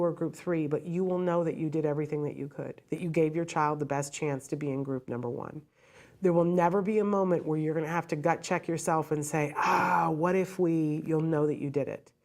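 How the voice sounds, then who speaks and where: A woman's voice: low-pitched, steady tone, fairly quick, darkish tone. A middle-aged woman host giving earnest, heartfelt advice to parents in a direct, emphatic way.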